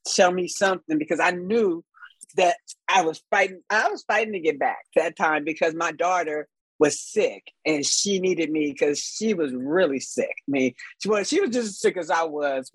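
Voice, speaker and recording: Woman in her sixties, from los angeles, podcast guest, frank and animated, laughs a lot, dry close sound. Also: on the low side, slightly rough, no echo, poor audio. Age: 60s. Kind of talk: candid storytelling.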